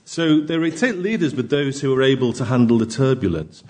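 A man's voice: medium pitch, lively intonation, a little fast, a little mellow, slight background noise. A man preaching a conversational sermon in a church, asking his congregation frequent rhetorical questions. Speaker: pastor.

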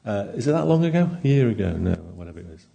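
A man's voice: fairly low pitch, big pitch swings, quick pace, creaky, mellow, muffled recording. A man preaching a conversational sermon in a church, asking his congregation frequent rhetorical questions. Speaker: pastor.

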